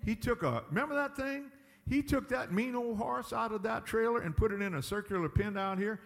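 A high-pitched man delivers a folksy sermon, rising into loud emphatic peaks and dropping to quiet asides. He chuckles between points, and his voice rings with the long reverb of a church hall. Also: brisk, gravelly. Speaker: pastor.

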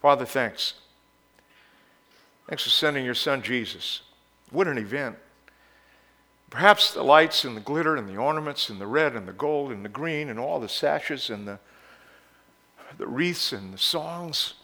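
A male pastor preaching a sermon. He moves from quiet, intimate passages to loud exhortation and leads the congregation in call-and-response. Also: medium pitch, lively intonation, unhurried, pauses often.

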